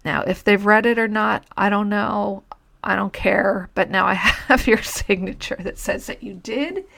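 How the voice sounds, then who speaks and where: A woman's voice: medium pitch, unhurried, creaky, a bit bright. A woman teacher hosting her own podcast, giving frank, matter-of-fact classroom advice in a conversational way. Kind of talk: solo podcast advice talk.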